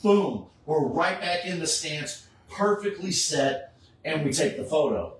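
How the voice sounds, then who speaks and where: A man's voice: fairly high pitch, unhurried. A middle-aged man chatting casually, telling a story and acting out the people he quotes. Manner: animated, acts out the people he quotes. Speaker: charity Superman cosplayer. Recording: echoey room, far from the mic, faint background noise.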